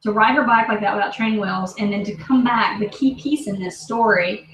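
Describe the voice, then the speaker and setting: Her mid-range voice moves briskly as this woman in her thirties, a vlogger and business team leader, tells an emotional personal story to camera, speaking emphatically and often checking in with viewers. A distant mic picks up roomy echo and faint hiss.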